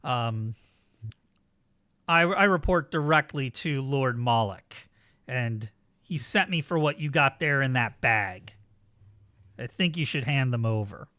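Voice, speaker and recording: A man voicing a cocky henchman of a dark lord who calls down to people on a balcony with smug taunts. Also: mid-range voice, moderate pace, hardly any pauses, no echo, natural voice.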